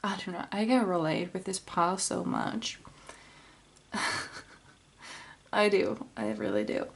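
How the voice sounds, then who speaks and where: A woman's voice: mid-range voice, steady tone, slow pace. A woman giving a casual tarot reading, dreamy and rambling with sighs. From Finland. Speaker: tarot reader.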